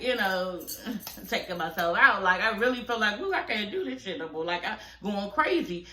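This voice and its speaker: A woman's voice: mid-range voice, expressive, normal speed, sharp tone, echoey room. A woman in her forties giving casual reaction commentary, telling a personal story candidly with lots of profanity and asides. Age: 40s. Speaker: reality show commentator.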